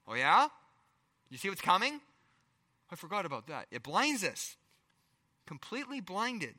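A middle-aged male pastor preaching a sermon, firing rhetorical questions and swinging between loud emphasis and hushed asides. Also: sits high, sing-song, a little slow, in a large hall.

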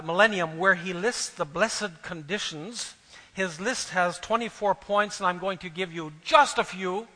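A man preaching a sermon and reading scripture aloud, earnest and swelling louder on key phrases. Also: high voice, big-room sound, low-quality recording.

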